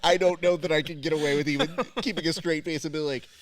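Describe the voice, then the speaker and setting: A man's voice: fairly high pitch, fairly even intonation, fast, crowd noise. A man hosting a casual fight-watching talk show, telling long stories with laughter and acted-out quotes. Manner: talkative, laughs often, acts out quoted dialogue. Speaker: podcast host and jiu-jitsu coach. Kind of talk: casual chat.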